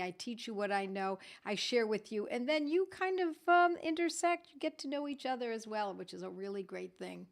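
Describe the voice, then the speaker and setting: Chatty woman hosting a live stream. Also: on the high side. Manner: chatty, reads out viewer comments with laughs. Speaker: host of a weekly live stream. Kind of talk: casual live-stream greetings.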